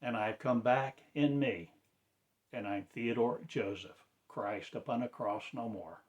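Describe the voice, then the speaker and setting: A man preaching in a slow, declamatory way, with sudden loud rises in his voice. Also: medium pitch. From United States. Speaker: self-styled spiritual teacher. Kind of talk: impassioned preaching.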